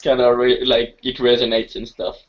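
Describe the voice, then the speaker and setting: A man's voice: medium pitch, completely flat delivery, normal speed. A man casually playing his character in a tabletop role-play, earnest in tone. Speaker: player. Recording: dull lo-fi audio.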